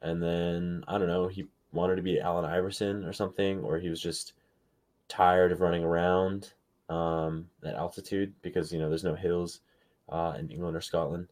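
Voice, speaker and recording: A man's voice: sits low, level tone, normal speed, darkish tone. A man co-hosting a casual sports podcast over a call, sarcastic and joking in a mock-exasperated way. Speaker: podcast co-host.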